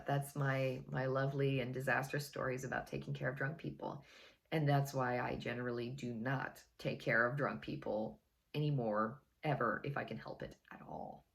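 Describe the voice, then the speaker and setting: A woman with a remarkably deep, low-pitched voice tells a personal story in a relaxed, casual way. She is chatty and wry, and she leans on repeated phrases to land the comedy. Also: a little slow, creaky. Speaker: storytelling vlogger.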